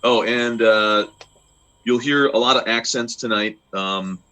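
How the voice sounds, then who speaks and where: A man's voice: medium pitch, steady tone, a little slow, bright, forceful tone, rough recording. A man running an online tabletop game who rambles along with lots of fillers. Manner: rambling, many fillers, laughs easily. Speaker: game master.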